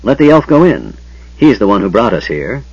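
A bitter young man snaps his accusations in a hoarse, rough voice, as a male narrator plays him. The sound is dull and lo-fi. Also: on the low side, sing-song, moderate pace, a little mellow, dry recording, exaggerated voice. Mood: accusing.

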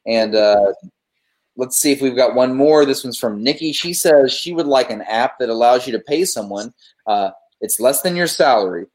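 Profane, animated male podcast host. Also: mid-range voice. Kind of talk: casual storytelling chat.

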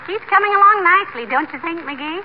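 An actress playing a sensible, patient wife with a gentle, teasing manner, in a radio comedy. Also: female voice, very high voice, lively intonation, brisk. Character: sensible, patient wife, middle-aged woman. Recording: muffled old radio broadcast with hiss.

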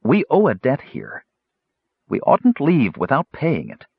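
A man voicing a blunt, forthright young woman warrior, raising his pitch for her. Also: wildly swooping pitch, a little slow, husky, no room sound, phone-quality sound, full character voice.

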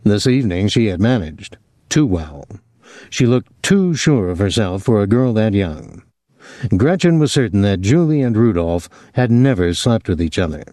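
A man narrating a novel as an audiobook in a measured, expressive storytelling voice, on a close microphone. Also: lowish voice, no room sound. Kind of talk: scripted narration.

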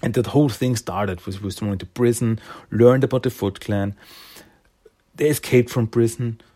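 Man, casual comic recap, rambling delivery, husky mid-range voice. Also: mid-range voice, fairly even intonation, normal speed, mellow. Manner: rambling, loose storytelling with fillers. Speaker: comic reviewer.

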